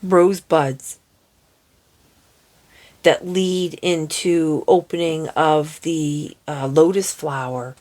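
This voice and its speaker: A woman with a somewhat low voice gives a casual oracle card reading. She is chatty and giddy and laughs easily. She reads the card texts aloud and slows down over unfamiliar words. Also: fairly even intonation, darkish tone.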